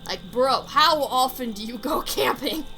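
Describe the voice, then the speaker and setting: A woman's voice: sits high, measured pace, music in the background, poor audio. A woman streamer giving chatty, giggly commentary while playing a game, talking into a desk mic. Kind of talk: let's play commentary.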